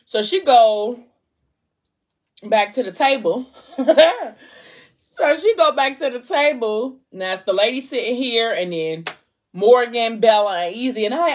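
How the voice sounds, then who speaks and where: A woman's voice: on the high side, expressive, normal speed. A young adult woman casually retelling a story, chatty and acting out the characters' quoted lines.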